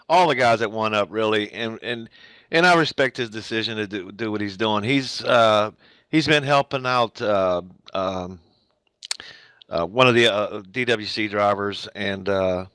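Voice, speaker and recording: A man with an American accent, a race winner talking casually and relaxed in a post-race interview. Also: lowish voice, measured pace, clear, resonant tone, no room sound, studio quality.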